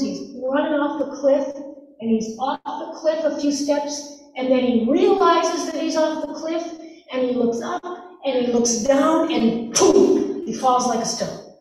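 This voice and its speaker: A woman pastor giving a sermon, telling the story gently and softening to a hush on quoted words. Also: high voice. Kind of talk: sermon retelling a gospel story. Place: church sanctuary. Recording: echoey church hall from far off.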